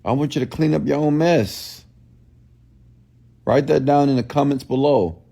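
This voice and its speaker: A motivational speaker with a fairly high, gravelly, warm voice and a slightly slow pace gives a blunt, preachy talk to a live audience. He scolds, repeats himself and keeps asking whether it makes sense.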